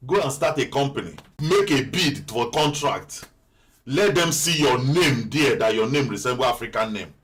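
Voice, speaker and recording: A male pastor preaching a sermon, repeating phrases and building into impassioned, at times shouted prayer. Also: medium pitch.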